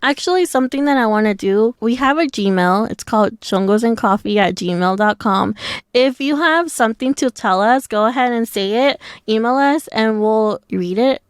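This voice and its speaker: A woman's voice: fairly high pitch, expressive, moderate pace, smooth, no echo. A woman co-hosting a casual podcast, frank and chatty, telling her own anecdotes. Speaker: podcast co-host.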